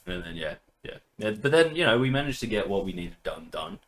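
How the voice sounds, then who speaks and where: A man's voice: lowish voice, a little fast. A man co-hosting a casual podcast, retelling a game session with laughter, swearing and acted-out outbursts. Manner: animated storytelling, acts out his own outbursts with swearing and laughter. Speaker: podcast co-host. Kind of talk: casual chat.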